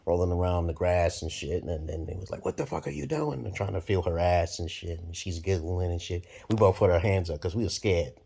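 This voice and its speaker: Man, 40s, from Brooklyn, very low voice, husky, profane rambling vlog rant. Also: steady tone, brisk, hardly any pauses. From Brooklyn, New York, USA. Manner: profane, blunt, rambling with sudden loud jumps. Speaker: vlogger. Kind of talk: rambling monologue to camera.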